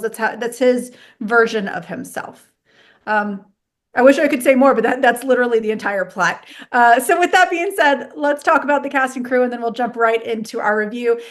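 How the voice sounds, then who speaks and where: A woman hosting a movie review podcast in a casual, rambling chat with lots of fillers and self-corrections. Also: on the high side. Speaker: podcast host.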